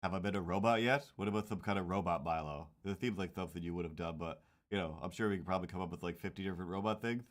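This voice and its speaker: Deep-voiced man rambling while he draws. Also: rapid-fire, hardly any pauses. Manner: rambling, thinking aloud, many fillers. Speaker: cartoonist drawing on stream. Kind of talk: casual running commentary while drawing.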